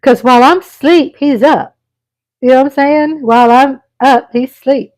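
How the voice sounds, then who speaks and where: A middle-aged woman hosting a live stream, chatting casually in a rambling way with frequent pauses and restarts. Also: sits high, steady tone, darkish tone, poor audio.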